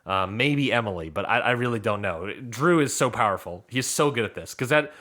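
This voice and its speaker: A man's voice: mid-range voice, animated, brisk, bright, forceful tone. A man co-hosting a podcast, retelling a reality show episode in casual chat and acting out the players' lines. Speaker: podcast co-host.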